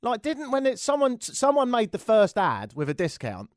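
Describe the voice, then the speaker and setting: A man's voice: very high-pitched, wildly swooping pitch, normal speed, hardly any pauses, no room sound, clean studio sound. A man with an English accent hosting a call-in radio show, talking in a sarcastic, wry and rambling way. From England. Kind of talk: talk radio monologue.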